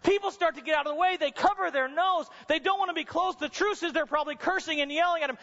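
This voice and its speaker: A man preaching a sermon to college students, telling stories dramatically and sometimes rising to a shout. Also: extremely high pitch, fast, few pauses. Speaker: chapel speaker. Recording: dull sound with long hall reverb.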